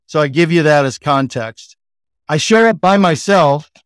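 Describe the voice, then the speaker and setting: A man's voice: fairly high pitch, lively intonation, a little slow, clean tone, no echo, studio quality. Laid-back Texan man telling a story. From Texas. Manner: chatty, laid-back, frequent 'like' and 'you know' fillers. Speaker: guest, sales executive. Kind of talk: casual anecdotal storytelling.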